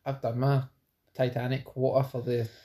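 A woman's voice: very deep voice, flat delivery, normal speed, dark tone. A woman co-hosting a podcast, teasing her partner with chuckling banter in casual chat. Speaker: podcast co-host.

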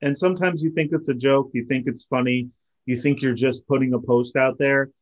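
Podcast cohost guy, slow and halting, lotta "you know"s, muffled lo-fi sound. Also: mid-range voice, steady tone. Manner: measured, halting, many fillers. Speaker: podcast co-host. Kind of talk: casual chat. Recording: dull lo-fi audio.

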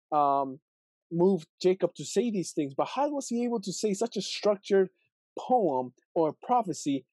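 Young male host, casual scripture musing, slightly high mellow voice, dry close sound. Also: no echo. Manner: thinking aloud, many fillers and rhetorical questions. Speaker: video host reflecting on scripture. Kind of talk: casual Bible reflection video.

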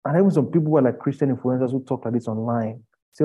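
Male preacher, husky voice, lo-fi recording, impassioned sermon full of rhetorical questions. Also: mid-range voice, fast talker. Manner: rising to loud pleading rhetorical questions. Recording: dull lo-fi recording.

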